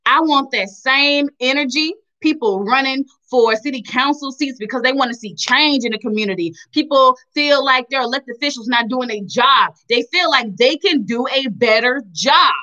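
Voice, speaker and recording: A woman's voice: high-pitched, moderate pace, few pauses, sharp tone, lo-fi sound. A young woman from Tennessee giving impassioned commentary, emphatic and repeating phrases for stress. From Chattanooga, Tennessee. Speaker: vlogger.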